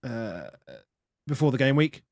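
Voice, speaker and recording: A man of middling pitch co-hosts a loose live-stream podcast, chatting and laughing as he circles back over his own sentences. The sound is close and dry, with no room around it. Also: expressive, normal speed, a little mellow, no room sound. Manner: chatty, laughs often, rambling restarts. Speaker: podcast co-host. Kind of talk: casual chat.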